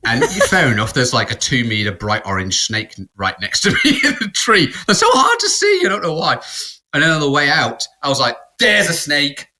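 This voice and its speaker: A man's voice: on the high side, huge pitch swings, normal speed, sharp tone. A man, co-hosting a podcast and telling a rambling anecdote in casual chat, with restarts and laughter. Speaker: podcast co-host. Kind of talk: casual storytelling.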